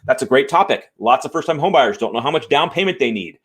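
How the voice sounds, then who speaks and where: A man's voice: mid-range voice, lively intonation, fast talker, a bit bright, slightly rough. A man hosting a live show from home, talking to viewers in a fired-up, emphatic way and apologizing after swearing. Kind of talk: live-stream talk to viewers. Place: home room.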